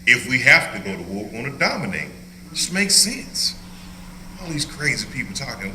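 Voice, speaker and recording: Older guy pastor doing bible study, super bright voice, jokey and animated, echoey church room. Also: mid-range voice, fairly quick, slight background noise. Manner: joking, animated, laughs often. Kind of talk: informal Bible study teaching. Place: church hall.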